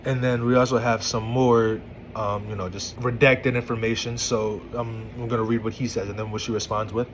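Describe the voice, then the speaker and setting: A man's voice: lowish voice, flat delivery, normal speed, noisy background. A man casually reading out and reacting to a couple's text argument, exasperated and incredulous, often stumbling and restarting his words. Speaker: commentator reading text messages.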